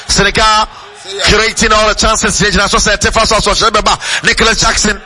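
Man, Ghanaian accent, live football commentary, quick English-Twi mix, high voice. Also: level tone, bright, forceful tone, slight background noise, poor audio. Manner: rapid, mixing English and Twi.

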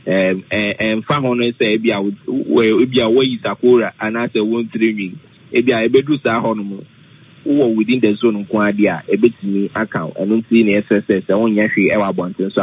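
Male forecaster on radio, lowish husky voice, hesitant, filler-heavy delivery. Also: low-quality recording. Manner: halting, many fillers, mixes English and Twi. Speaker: weather forecaster guest. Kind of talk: radio call-in explanation.

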